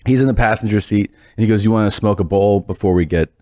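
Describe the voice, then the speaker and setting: Quick-paced and lowish in pitch, the guest laughs through a humorous anecdote while performing the quotes of everyone involved. The sound is clean studio audio with no room sound.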